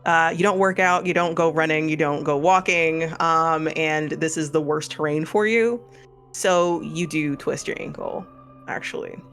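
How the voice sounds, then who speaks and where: A man's voice: on the high side, fairly even intonation, measured pace, fairly bright tone. A man with a Missouri accent, narrating a tabletop horror game as game master in a casual, rambling way. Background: faint music.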